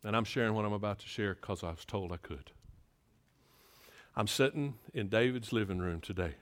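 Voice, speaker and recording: A middle-aged man preaching a sermon, moving between emphatic rising passages and quiet, hushed storytelling. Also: on the low side, moderate pace. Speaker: pastor.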